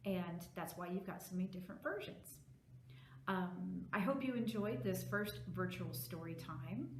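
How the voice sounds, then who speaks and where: A woman librarian reading a story aloud to children, animated and asking them questions. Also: mid-range voice, a little hiss or hum. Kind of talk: virtual children's story time. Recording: echoey room.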